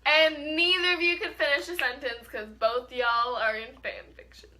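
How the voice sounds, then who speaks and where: Teasing young woman with a bright voice. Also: sits high, moderate pace. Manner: bossy, teasing and deadpan. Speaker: co-host. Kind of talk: casual chat, teasing a friend.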